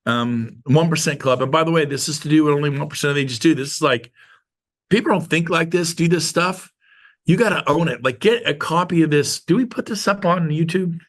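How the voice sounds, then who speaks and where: A man leading a real estate team meeting with a motivational talk, emphatic and repetitive, slowing down to stress his points to a live audience. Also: fairly high pitch, fairly bright tone.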